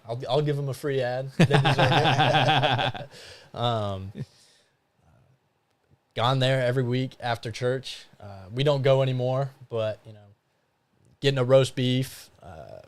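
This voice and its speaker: A man with a mid-range voice speaks as a podcast guest. He sounds relaxed and friendly and talks plainly. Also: mid-range voice, unhurried. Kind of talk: casual live podcast chat.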